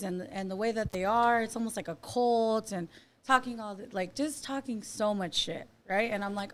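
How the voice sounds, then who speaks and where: Co-host, woman, animated storyteller, quick to laugh. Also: medium pitch. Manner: animated, laughs often, acts out quotes. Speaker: podcast co-host. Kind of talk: casual chat, storytelling.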